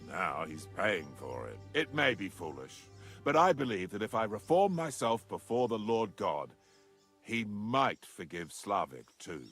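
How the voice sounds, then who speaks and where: Game casting: a repentant man, husky, lively delivery, faint music under it. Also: on the low side, measured pace, exaggerated voice. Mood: solemn. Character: gruff male convert brooding over his dead brother. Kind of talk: video game dialogue.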